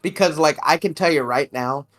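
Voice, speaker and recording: A Mexican man co-hosting a podcast in casual chat, animated, laughing often and swearing. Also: a little high, moderate pace. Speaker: podcast co-host.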